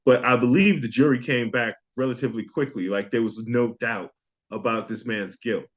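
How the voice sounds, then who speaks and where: A man's voice: medium pitch, steady tone, moderate pace. A man co-hosting a podcast in casual chat, making joking asides. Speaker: podcast co-host.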